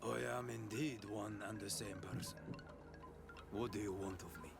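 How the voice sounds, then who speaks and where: An actor playing a solemn native master hunter in a role-playing game, measured and grave. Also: male voice, on the low side, fairly even intonation, vocal fry, loud music behind the voice.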